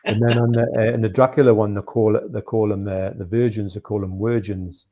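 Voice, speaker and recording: A man's voice: lowish voice, fairly even intonation, brisk, warm tone. A man guest on a live stream, chatting casually about films in a rambling way with many restarts. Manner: rambling, restarts often, retells film scenes in put-on voices.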